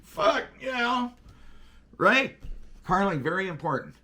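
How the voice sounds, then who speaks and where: A man with a high, bright-sounding speaking voice that swoops wildly up and down. He talks in a loose, animated, profane way, telling stories in casual chat. He acts out radio calls as he goes. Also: slow. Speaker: guest, railroader.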